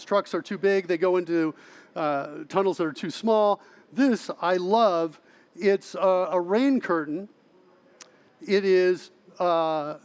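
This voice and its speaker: Giving a technical presentation at a conference, this fairly high-voiced man speaks with lively energy. He checks in with listeners by asking "right?" again and again, often starting his phrases over, and the sound fills a large hall.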